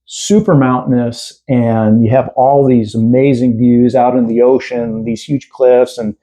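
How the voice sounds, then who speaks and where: A man's voice: mid-range voice, little pitch movement, a little slow, dark tone, rough recording. A middle-aged man from Chicago with a Chicago accent, a podcast guest telling rambling childhood stories with many fillers. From Chicago area. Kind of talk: casual interview storytelling.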